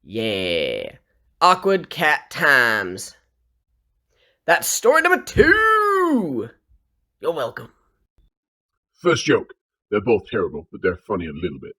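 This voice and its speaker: A man's voice: fairly low pitch, huge pitch swings, slow, pushed and bright. Playful Southern US man telling stories. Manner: playful, acts out sounds like purring. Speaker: storyteller. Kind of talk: casual story time and joke telling.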